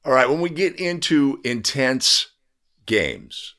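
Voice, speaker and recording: A man's voice: medium pitch, sing-song, takes it slowly, sharp tone. Emphatic man coaching basketball referees. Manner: coaching, emphatic, with frequent "right?" tags. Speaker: basketball officiating instructor. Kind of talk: instructional video commentary.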